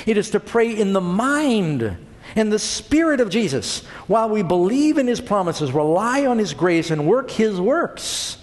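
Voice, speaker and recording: A middle-aged man preaching from the pulpit, his fairly high voice rising and falling with lively emphasis. He keeps tossing rhetorical questions to the congregation. The sound rings out with a long reverb through the church sanctuary. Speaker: pastor. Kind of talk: sermon.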